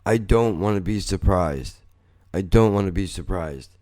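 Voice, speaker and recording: A man's voice: sits low, a little slow, dark tone. A man hosting a podcast, telling a rambling story in a blunt, profane way. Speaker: podcast host. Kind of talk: casual storytelling monologue.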